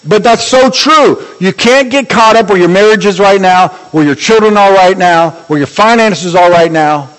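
High-voiced preaching pastor in a hall. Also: male voice, normal speed, clear, resonant tone. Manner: animated preaching with rising exclamations and humor. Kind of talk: sermon.

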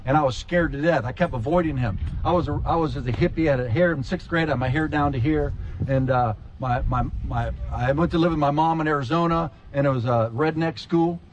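A male pastor preaching in a fairly high voice, telling stories with lively acted-out moments. A faint hum of ambient noise sits under his voice. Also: a little fast, lo-fi sound. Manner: animated storyteller, acts out scenes with big pitch jumps. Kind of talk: sermon with personal storytelling.

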